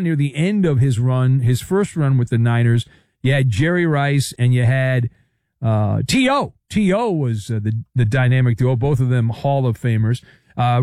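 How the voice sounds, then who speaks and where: A man's voice: mid-range voice, darkish tone, no room sound, clean studio sound. A man hosting a sports talk show, delivering a sarcastic monologue full of playful riffs and asides. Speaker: sports talk radio host.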